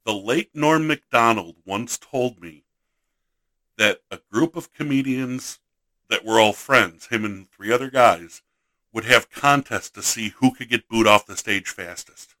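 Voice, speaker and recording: A man's voice: mid-range voice, unhurried, pushed and bright, low-quality recording. An American man hosting a casual interview, teasing and jokey, full of enthusiasm. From United States.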